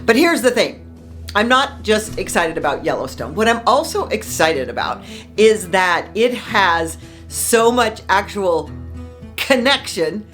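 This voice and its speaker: A woman's voice: mid-range voice, sing-song, unhurried, fairly bright tone, soft background music. A woman from Southern California hosting a local history vlog, gushing and repeating words for emphasis. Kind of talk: enthusiastic casual vlog.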